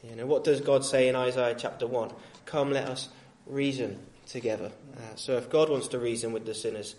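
Gentle male preacher, halting delivery. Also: mid-range voice, fairly even intonation. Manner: gentle, reasoning tone with many fillers and restarts. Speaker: street preacher. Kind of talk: sermon.

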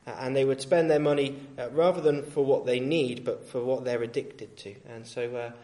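A male street preacher giving a sermon in a gentle, reasoning tone, with frequent fillers and restarts. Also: mid-range voice, steady tone, normal speed.

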